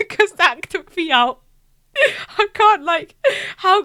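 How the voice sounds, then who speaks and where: A woman's voice: very high voice, slow. A woman from the UK streaming a game playthrough, reading the dialogue aloud and reacting with lots of laughter. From United Kingdom. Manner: excitable, laughs often, voices characters.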